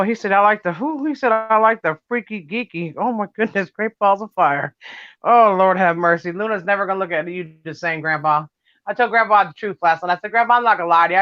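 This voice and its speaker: A middle-aged woman with a loud, brash voice, chatting casually on a livestream, laughing and cussing freely. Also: lowish voice, no room sound, lo-fi sound. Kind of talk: casual chat.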